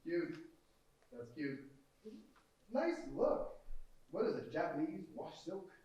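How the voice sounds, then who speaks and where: A man's voice: a little high, wildly swooping pitch, slow, dark tone, heavily acted. A young man playing a slick, brash Hollywood producer. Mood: breezy. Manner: glib, salesy, wheedling and brash. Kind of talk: stage play. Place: theater stage. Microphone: far room mic. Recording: echoey stage from far off.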